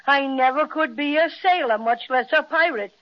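A woman's voice: high-pitched, normal speed, lightly acted. A woman voicing a prim, fussy stuffed toy bear in old-time radio drama style. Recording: dull old recording.

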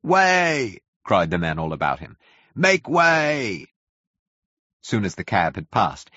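A man reading a classic novel aloud as a narrator, with dramatic, expressive storytelling. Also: fairly low pitch, breathy edge, no room sound, lo-fi sound. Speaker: audiobook narrator.

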